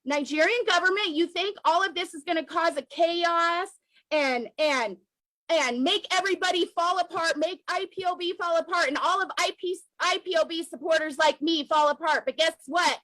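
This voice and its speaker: An American woman with a very high, bright, cutting voice delivers an impassioned address to camera, emotional and close to tears. She hammers her points home and repeats lines for force. The sound is dry and close, with no room around it. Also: moderate pace, no echo, rough recording. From United States. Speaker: activist vlogger.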